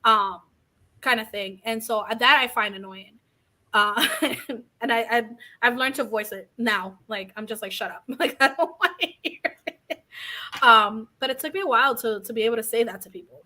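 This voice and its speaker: Bright-voiced woman sharing her story. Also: on the high side, normal speed. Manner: open, rambling, quotes others in little acted lines. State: coughing from asthma. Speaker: guest. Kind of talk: candid personal story in an interview.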